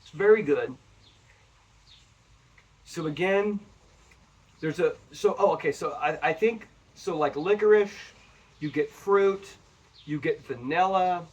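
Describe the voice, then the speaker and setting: A man's voice: fairly high pitch, takes it slowly, pauses often, a little mellow, slightly rough, muffled recording. Rambling man reviewing whiskey. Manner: rambling, chatty, addresses viewers directly. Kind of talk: casual review vlog. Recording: voice a bit far from the mic.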